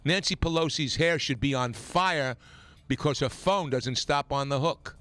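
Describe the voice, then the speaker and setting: A man hosting a talk radio show, delivering an impassioned, emphatic political monologue that climbs toward near-shouting. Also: medium pitch, lively intonation, a little slow, dry recording, faint music behind. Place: radio studio.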